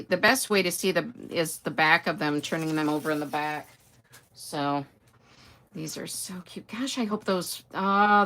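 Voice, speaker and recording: An older woman with a somewhat low voice, chatting casually through a live stream. She greets viewers by name and answers their comments in a friendly, rambling way. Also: fairly bright tone. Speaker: host.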